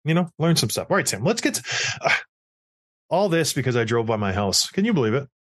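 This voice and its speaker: A man in his thirties co-hosting a hockey talk podcast, talking in animated, ranting bursts. His pitch swings widely as he tells his stories. The sound is close and dry. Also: fairly quick, no room sound. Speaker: podcast co-host.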